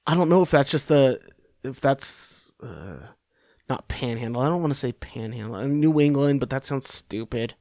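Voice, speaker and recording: A male podcast host offers casual political commentary that rambles, with sarcasm and profanity. His mid-range voice is expressive and a little mellow, at a moderate pace, in a clean studio recording with no room sound.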